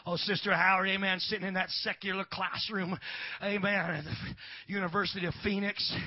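A man's voice: high-pitched, little pitch movement, brisk, lo-fi sound. A middle-aged man preaching a sermon in a church, folksy, sprinkling amen and praise God through his talk. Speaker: pastor.

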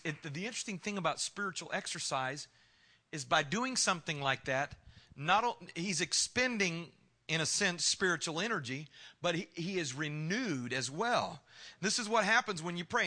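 A man's voice: on the high side, sharp tone. A man preaching a sermon as pastor, drawing in the congregation with questions.

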